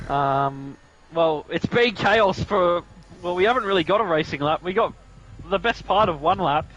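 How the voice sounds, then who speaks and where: A man's voice: high-pitched, animated, a little slow, fairly bright tone, muffled recording. A man hosting a live sim racing stream, commentating the race with joking banter that picks up when the action heats up.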